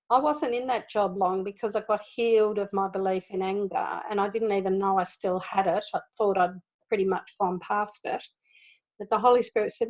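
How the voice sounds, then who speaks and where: A woman leading an online group in an informal spiritual talk, earnest and animated, laughing often as she explains. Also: medium pitch, lo-fi sound. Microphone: video call.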